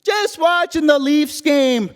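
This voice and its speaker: A man's voice: very high-pitched, lively intonation, slow pace, voice pushed up, heavily acted. A male stage performer voicing an easygoing uncle who watches hockey and invites his nephew to sit down. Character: laid-back uncle, hockey fan, easygoing.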